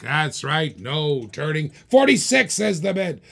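A man hosting a live-stream auction, calling bids in rapid repeated phrases and egging bidders on. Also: a little high, sing-song, vocal fry. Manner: rapid repetitive bid calling, hyping bidders. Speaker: auctioneer host.

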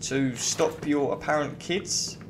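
A man's voice: a little high, slow. A young man giving casual let's play commentary, chattering to himself and the game. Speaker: gaming youtuber.

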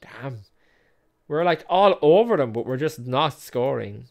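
Gravelly man commentating his own game. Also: a little high, expressive, moderate pace, a little mellow. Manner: chatty, self-mocking, laughs often; calls match action play by play. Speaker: gaming video host. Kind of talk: casual let's-play commentary.

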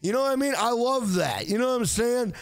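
A young man livestreaming a game, shouting hyped shout-outs and telling profane stories in a loud casual chat. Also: very high voice, lively intonation, fairly quick, gravelly, smooth, dry recording.

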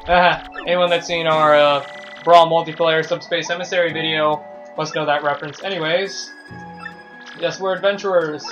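A man hosting a video game let's play, joking and reading dialogue aloud excitedly. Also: on the high side, normal speed, highs cut off, soft background music. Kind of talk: gameplay commentary.

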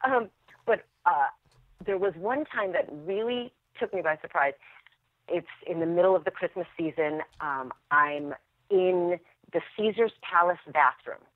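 Animated lady guest laughing a lot, phone-line sound, super dry. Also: lowish voice, unhurried, dry recording. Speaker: actress guest. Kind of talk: interview storytelling.

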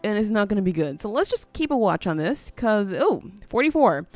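A woman's voice: medium pitch, big pitch swings, brisk, darkish tone, faint music behind. A woman casually commentating as she plays a building game, thinking aloud with frequent little laughs. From US, near Canadian border. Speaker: gaming video host. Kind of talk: casual let's-play commentary.

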